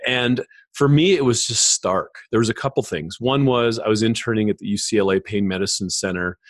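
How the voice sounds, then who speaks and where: Animated man telling stories in a dry studio. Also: lowish voice, no echo. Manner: animated, acts out quoted voices, many fillers. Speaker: podcast guest. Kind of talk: casual storytelling interview.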